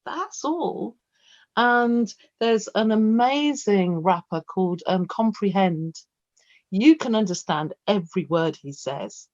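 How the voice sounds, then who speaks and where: She takes it slowly, at a medium pitch with no room sound. As featured poet in a casual Q&A, she talks about performing poetry in a chatty, rambling, animated storytelling way, captured by a video call in dull lo-fi audio.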